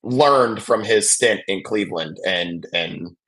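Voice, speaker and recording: A man hosting a live basketball watch-along, chatting casually and calling plays with excitement. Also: lowish voice, unhurried. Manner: chatty, excitable, reacts loudly to big plays.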